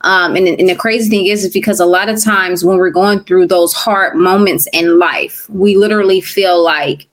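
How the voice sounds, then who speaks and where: A woman's voice: lowish voice, steady tone, moderate pace, hardly any pauses. A middle-aged woman minister giving a conversational, earnest testimony, repeating and restarting words as she talks. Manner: earnest, preachy, with frequent fillers and restarts. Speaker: minister and podcast guest.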